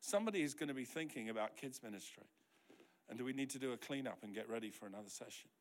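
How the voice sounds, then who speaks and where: A middle-aged pastor from New Zealand preaches to his congregation with a voice of ordinary pitch for a man. He tells stories and acts out the lines of the people in them. For tender moments he lowers his voice until it is soft and quiet. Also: expressive, fast talker. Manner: storytelling, acting out quoted dialogue. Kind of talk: sermon.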